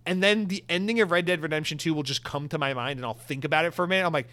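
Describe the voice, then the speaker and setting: A man's voice: on the high side, very fast, few pauses, pushed and bright. A man hosting a solo podcast, talking animatedly and rambling, with restarts and asides. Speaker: podcast host.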